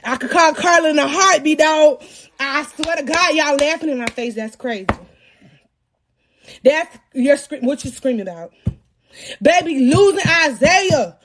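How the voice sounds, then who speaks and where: With a high voice and an unhurried pace, this young adult podcast host tells a live audience a personal story. Her style is slangy and lively, and she keeps calling out to the people in the room.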